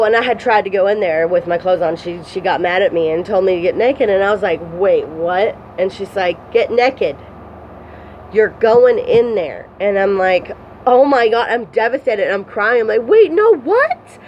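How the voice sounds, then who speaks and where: A woman telling a personal story to her phone camera, rambling and candid, with many fillers, restarts and swearing. Her pitch climbs high when she relives distress. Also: darkish tone, highs cut off, a little hiss or hum. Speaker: vlogger.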